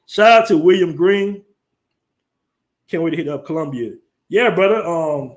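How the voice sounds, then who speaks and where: A man hosts a casual live stream, talking in an easy, slangy way. His voice sits a little high for a man, and he keeps his patter loose and unhurried. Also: lively intonation. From United States. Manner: laid-back, slangy, reads out viewer comments.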